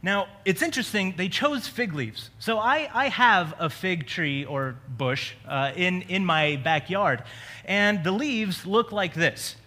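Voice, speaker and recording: Preacher, male, high bright voice, chatty sermon with quips, long hall reverb. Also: animated, slow pace. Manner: conversational preaching with joking asides. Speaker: pastor.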